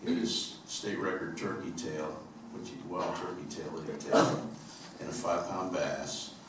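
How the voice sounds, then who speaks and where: A man's voice: low voice, steady tone, normal speed. A man from upstate New York, a singer-songwriter telling humorous, rambling stories between songs on a theater stage. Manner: rambling, humorous storytelling with fillers. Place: theater stage at a live concert. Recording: echoey, distant live theater recording with noise.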